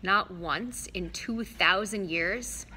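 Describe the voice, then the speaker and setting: A woman's voice: medium pitch, slow, sharp tone, slight background noise. A woman voicing a skeptical young boy who asks blunt questions in a read-aloud story. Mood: curious, blunt. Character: twelve-year-old boy hero, skeptical and blunt.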